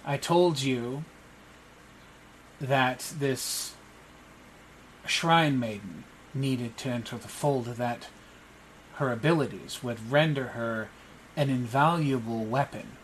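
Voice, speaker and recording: A man playing a quiet, menacing monster lord in a tabletop game, slow cold delivery, low and hushed. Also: a little hiss or hum, close to an everyday voice, rough recording. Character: ancient shadow monster posing as a cold young lord.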